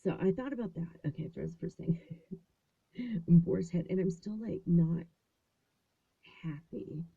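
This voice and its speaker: A woman's voice: fairly low pitch, slow, creaky, pauses often, warm tone, husky. A woman in her fifties hosting a show, telling a story in a chatty, casual way from a small closet at home. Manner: chatty, acts out quoted voices. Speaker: host. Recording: phone-like narrow sound.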